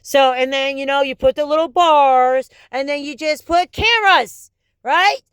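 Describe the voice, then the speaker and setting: A woman's voice: sits high, normal speed, no echo. A woman in an angry, rambling monologue, swearing often and jumping between topics.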